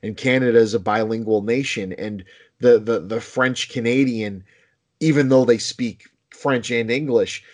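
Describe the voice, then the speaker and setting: A man's voice: mid-range voice, steady tone, normal speed. Chatty American man with restarts. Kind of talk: casual chat.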